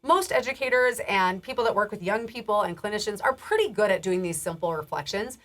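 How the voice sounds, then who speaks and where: A woman's voice: mid-range voice, brisk. A woman health educator giving a recorded training lecture, casual and chatty with frequent laughs, restarts, and a rising lilt at the ends of phrases. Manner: casual, warm, laughs often, many restarts and fillers.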